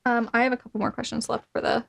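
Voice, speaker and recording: A woman playing a tabletop game, chatting in a bright way and laughing often. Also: fairly high pitch, level tone, quick pace, vocal fry, slight background noise. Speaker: player. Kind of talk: casual chat in a tabletop game.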